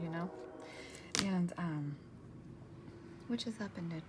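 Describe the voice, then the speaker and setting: A woman in her forties, a craft vlogger, chatting casually and rambling through a story while she works, sometimes dropping to a soft near-whisper. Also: on the low side, slow, long pauses. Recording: paper crinkling noise in the background.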